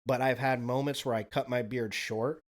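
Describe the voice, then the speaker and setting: A man's voice: medium pitch, steady tone, moderate pace. A man in his thirties hosting a podcast, telling rambling, profane stories in a casual monologue. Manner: rambling, profane, laid-back. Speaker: podcast host.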